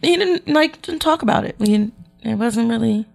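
Woman, podcast co-host, casual profane chat, lively pitch, trailing sentences. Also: moderate pace, creaky.

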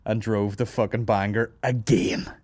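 A man's voice: lowish voice, fairly even intonation, unhurried, a little mellow, no echo. A Northern Irish man in his thirties hosting a comedy podcast, telling a long, sweary story and laughing his way through it. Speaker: podcast host. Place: studio office.

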